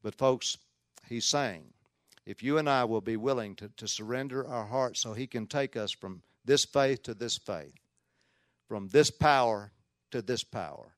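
A man preaching a sermon as a Baptist pastor, in an ordinary mid-range voice. He tells his story with earnest swings from hushed asides to loud emphasis, often restarting words. The sound is dry and close. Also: medium pitch, no room sound.

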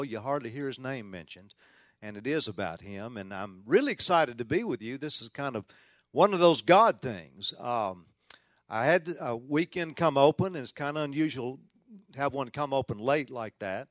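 A middle-aged man with a Southern drawl leads a fervent prayer and preaches as a visiting pastor. His voice sits at an ordinary pitch and swells into emphatic declarations. The sound is close and dry, with no room echo. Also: lively intonation, normal speed. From Tennessee. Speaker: guest preacher. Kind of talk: prayer and sermon.

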